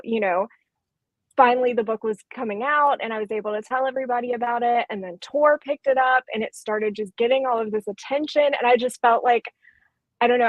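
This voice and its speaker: A woman's voice: on the high side, no room sound, poor audio. A woman bookseller in a casual live-streamed chat, talking in a chatty, enthusiastic way with lots of fillers. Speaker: bookseller co-host.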